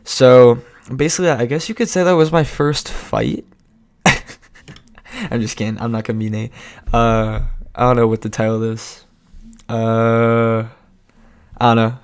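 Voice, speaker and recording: A man's voice: mid-range voice, steady tone, unhurried, long pauses, clear, resonant tone. A young man vlogging a casual storytime, rambling and cutting himself off, laughing often.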